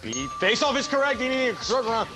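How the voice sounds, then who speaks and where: A man running quiz rounds on a live TV game show, playful and brisk, calling out answers. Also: very high voice, loud music behind the voice. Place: TV studio with live audience.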